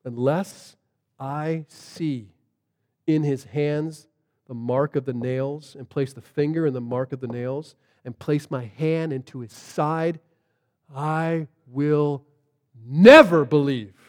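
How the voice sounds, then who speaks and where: A man voicing a grave, skeptical male disciple in a sermon, speaking slowly, quietly and solemnly. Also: fairly high pitch, in a large hall, pitched below the performer's own voice.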